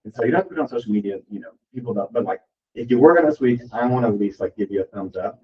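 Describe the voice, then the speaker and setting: A man with a fairly low voice races through a motivational talk at his real estate team meeting, rambling casually and saying "like" constantly as he urges them on. It's a distant, dull, lo-fi room recording.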